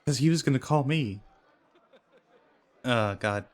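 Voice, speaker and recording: A man playing a dice game in a video game, commenting casually and reacting loudly to close calls with laughs and swearing. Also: medium pitch, slow pace. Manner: reads in-game dialogue aloud in plain voice. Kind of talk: casual let's play commentary.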